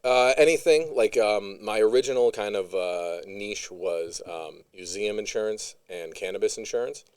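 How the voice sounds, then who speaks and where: A young man from Pennsylvania, a comedian guest telling quick jokes in casual podcast chat. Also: on the low side, a little mellow, clear, resonant tone. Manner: fast, joking storyteller.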